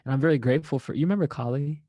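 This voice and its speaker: A man's voice: on the high side, racing, mellow, dry recording. A man, a former college basketball player, guesting on a podcast and telling rambling, profane stories in a laid-back way. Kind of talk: casual storytelling.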